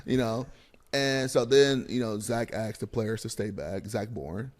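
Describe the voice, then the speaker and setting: A man in his thirties, a guest on a studio podcast, telling profane, animated stories and acting out the voices in them. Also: lowish voice, unhurried. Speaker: podcast guest, former college quarterback.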